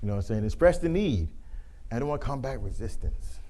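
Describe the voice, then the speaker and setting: A man presenting a leadership workshop to a room of listeners. His voice sits at an ordinary middle pitch, and he tells his points through animated stories, acting out the voices of the people he quotes. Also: fast talker. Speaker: youth football coach. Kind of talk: live leadership talk to a group.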